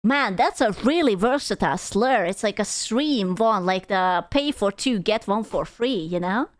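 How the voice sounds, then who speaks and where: A young adult woman streamer giving casual reaction commentary, animated and exclaiming with quick asides. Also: mid-range voice, no echo. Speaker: VTuber streamer.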